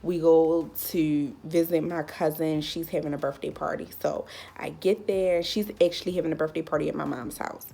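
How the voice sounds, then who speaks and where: Chatty young woman, slightly low voice. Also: fairly even intonation, normal speed, gravelly, few pauses, dark tone. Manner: chatty, lots of "like", candid. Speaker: vlogger. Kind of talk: casual storytime.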